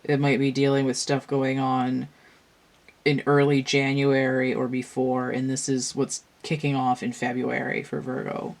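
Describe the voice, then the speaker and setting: A woman's voice: a bass voice, monotone, a little slow, vocal fry. A woman giving a casual tarot reading in a rambling, slangy way, with a lot of "like" and free swearing. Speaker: tarot reader.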